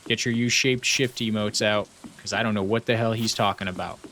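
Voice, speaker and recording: A man's voice: fairly low pitch, fairly even intonation, brisk, a bit bright. Playful man on a noisy stream. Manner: playful, mock-serious banter. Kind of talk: casual live-stream chat with viewers.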